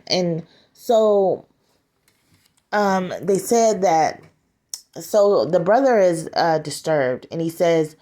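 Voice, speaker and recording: A woman casually retelling a story in a halting way, with frequent fillers and repeated words. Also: fairly low pitch, animated, darkish tone.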